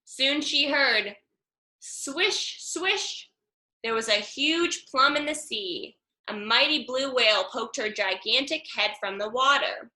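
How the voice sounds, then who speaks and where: A woman reading a children's picture book aloud, slow and expressive, with sound effects. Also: fairly high pitch. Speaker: storybook reader. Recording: echoey room.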